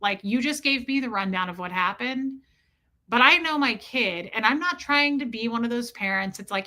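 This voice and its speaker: Chatty woman streamer telling a story to her chat, lots of "like", bright sharp voice kinda high. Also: normal speed. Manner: chatty and animated, greets chat mid-story, heavy use of "like". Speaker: streamer and parent. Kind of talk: casual livestream storytelling.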